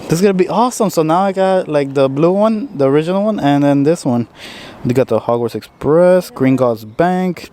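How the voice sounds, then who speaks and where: A man filming a casual vlog as he tours a film studio, chatty and excited. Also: fairly high pitch, slight background noise. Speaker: vlogger. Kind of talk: casual vlog tour commentary. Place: studio tour, in and out of doors.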